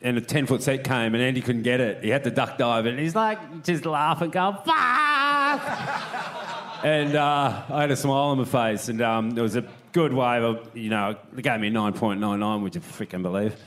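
A man's voice: medium pitch, brisk, few pauses, crowd noise. A middle-aged man tells long stories in a loose, rambling way. He keeps stopping to restart his sentences and fills the gaps with ums and you-knows. This is casual, unscripted chat. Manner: rambling, full of fillers and restarts. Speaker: guest, retired pro surfer.

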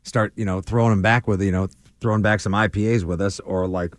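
A man co-hosts a casual sports podcast, rambling in an animated way with lots of fillers. His voice is fairly low and fairly quick, and the recording sounds dry.

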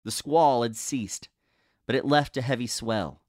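A man reads an old ghost story aloud as host, measured and expressive. His pitch sits in the middle range. The recording is dry and close. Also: no echo. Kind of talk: dramatic reading of a ghost story.

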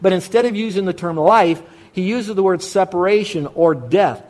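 A male pastor preaching with emphatic, repetitive stress on his points. His voice sits a little higher than most men's. He talks straight to the congregation. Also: moderate pace, a little mellow. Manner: emphatic preaching with repeated phrases. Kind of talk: sermon.

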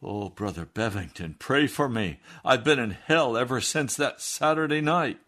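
A man's voice: fairly high pitch, lively intonation, extremely slow, voice pushed up, exaggerated voice. A man voicing a desperate, repentant man who wails and pleads for mercy. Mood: pleading. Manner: pleading, wailing.

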